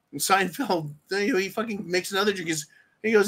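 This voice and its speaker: A man's voice: high-pitched, brisk, pushed and bright. A middle-aged man hosting a solo commentary rant, rambling, sarcastic and profane. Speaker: host.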